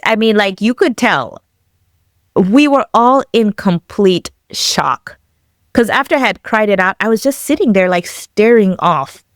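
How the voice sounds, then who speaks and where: A woman's voice: mid-range voice, no echo, clean studio sound. A woman guest telling a personal story with emotion, acting out the dialogue as she goes. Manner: animated, acts out dialogue in quotes. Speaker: podcast guest.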